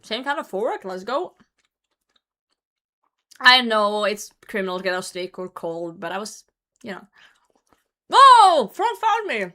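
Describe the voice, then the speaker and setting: A woman's voice: medium pitch, measured pace, long pauses, sharp tone. A young woman streaming from her computer at home, chatting casually with her viewers and laughing often as she hosts a hide-and-seek game. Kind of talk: casual live-stream chat.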